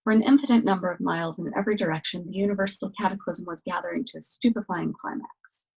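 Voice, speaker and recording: Woman reading a book aloud, gravelly voice, steady storyteller pace. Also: on the low side, quick pace, low-quality recording. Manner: steady expressive narration.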